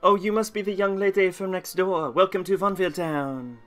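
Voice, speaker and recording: A welcoming neighbor mother with a light French accent, as a man puts her on. She talks in a high, bright, slightly formal way, greeting the new kid next door. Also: fairly even intonation, moderate pace, soft background music. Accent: put-on light French.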